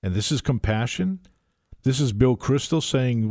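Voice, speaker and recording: Co-host, male, low voice, measured and pointed, dry close sound. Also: lively intonation, darkish tone, no room sound. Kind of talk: talk show discussion.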